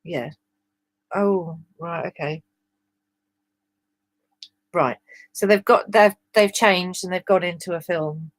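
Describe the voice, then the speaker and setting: A woman's voice: on the low side, slow, pauses often, no echo. A British woman reading a fan story aloud on a livestream with amused, chatty asides.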